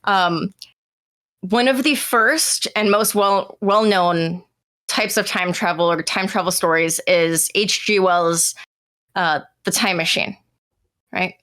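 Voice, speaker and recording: A woman's voice: lowish voice, takes it slowly, a bit bright. A young woman hosting a podcast, reading a formal opening and then chatting lightly with her guests. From Canada. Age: young adult. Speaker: podcast host. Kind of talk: podcast chat with scripted opening.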